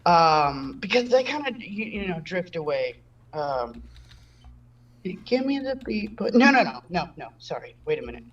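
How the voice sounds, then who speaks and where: A woman's voice: sits low, sing-song, normal speed. Woman, stand-up comic, rambling, self-interrupting, home video call, distant muffled mic. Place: home room.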